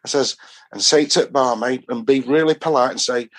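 A husky-voiced middle-aged man with a broad Yorkshire accent spins long, rambling stories from his travels. His pitch sits right in the ordinary middle, and his talk is loose and full of dialect turns. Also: brisk. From Doncaster, England. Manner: rambling anecdotes with dialect phrasing. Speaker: podcast guest. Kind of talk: casual storytelling chat.

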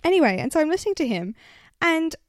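A young woman with an Australian accent telling stories on her solo podcast, swearing freely and getting animated as she vents. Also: extremely high pitch, fast talker, no echo, clean studio sound. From South Australia. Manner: swears often, animated when venting. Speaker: podcast host. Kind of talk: casual solo podcast storytelling.

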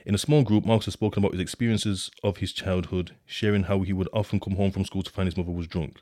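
A deep-voiced man, rambling casually in street slang with plenty of fillers. His voice sits low. The recording is dry and close, with no room sound. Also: steady tone, quick pace, warm tone, no room sound. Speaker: podcast host telling his prison experiences. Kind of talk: casual monologue, reading out a report.

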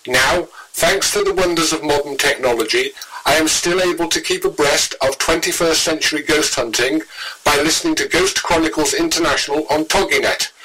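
A man's voice: on the high side, sharp tone, a little hiss or hum, poor audio. A man doing a plummy old ghost hunter. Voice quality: plummy, formal and theatrical. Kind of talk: comic radio intro skit.

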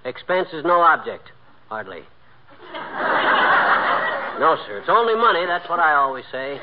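An actor playing a boastful, blustering middle-aged husband in 1940s radio comedy, trading teasing insults and bragging. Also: male voice, a little high, very animated, normal speed. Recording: noisy muffled old radio transcription.

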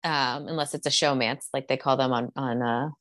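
A woman's voice: a bass voice, steady tone, moderate pace, a bit bright, no room sound. A woman co-hosting a podcast, chatting frankly and casually with lots of fillers. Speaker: podcast co-host. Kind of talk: casual chat about reality TV.

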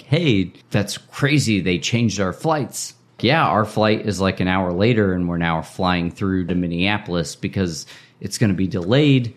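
Guy from indiana telling a long story on a podcast, lowish voice, acts out everyone's lines, lots of likes. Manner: animated, acts out quoted speech, many filler likes. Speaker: podcast co-host.

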